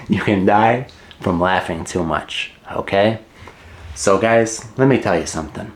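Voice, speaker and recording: A middle-aged man teaching English in a casual, joking way, repeating key words and chuckling at his own asides. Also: deep voice.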